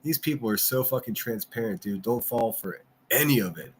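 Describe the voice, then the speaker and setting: A man's voice: medium pitch, expressive, a little fast, husky. A man hosting a livestream, ranting and mocking in casual commentary and answering his chat. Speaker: livestream host.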